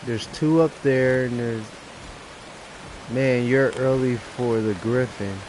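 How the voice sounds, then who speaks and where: A man streaming a live game, chatting casually and breaking into nervous, excited exclamations as he plays. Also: mid-range voice, takes it slowly, slight background noise, low-quality recording. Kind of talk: live gameplay commentary.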